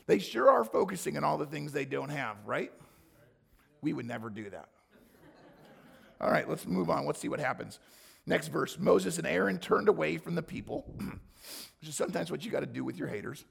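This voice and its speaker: A man preaching a sermon with a hoarse voice, reading scripture and acting out the people's complaints in sudden loud, high bursts. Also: expressive, moderate pace. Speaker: pastor.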